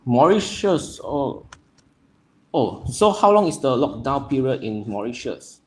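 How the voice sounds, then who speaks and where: A young man from Nepal, hosting a livestream and greeting viewers by name in a friendly, halting way full of fillers. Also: medium pitch, very animated. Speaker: livestream host.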